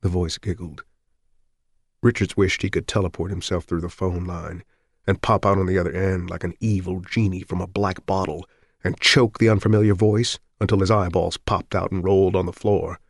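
A man narrating an audiobook in a steady, measured, scripted read. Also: deep voice, no room sound, studio quality.

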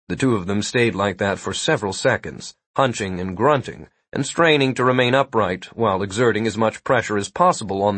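Husky-voiced man narrating a story. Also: mid-range voice, dry recording. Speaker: audiobook narrator. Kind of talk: scripted narration.

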